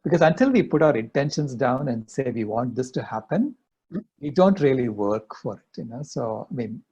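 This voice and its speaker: Gravelly older man telling a story. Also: medium pitch, expressive, moderate pace, a little mellow. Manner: earnest, anecdotal storytelling. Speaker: guest. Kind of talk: conversational interview storytelling. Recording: dull lo-fi audio.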